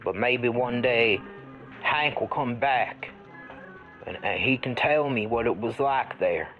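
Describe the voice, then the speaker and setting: A man playing an eccentric, folksy ghost hunter who tells rambling stories with deadpan earnestness in an improvised comedy interview. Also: mid-range voice, slow pace, narrow, tinny audio, soft background music. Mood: mournful.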